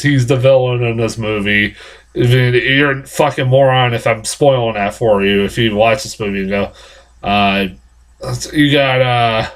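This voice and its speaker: A man's voice: mid-range voice, a bit bright. Man, casual film reviewer, blunt and profane, stammery restarts. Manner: exasperated, blunt. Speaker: movie reviewer.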